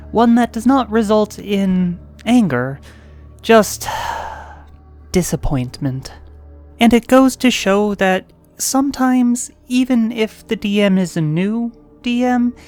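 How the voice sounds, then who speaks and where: A woman hosting and narrating online role-playing stories, expressive, with playful asides. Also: mid-range voice. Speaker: host and narrator.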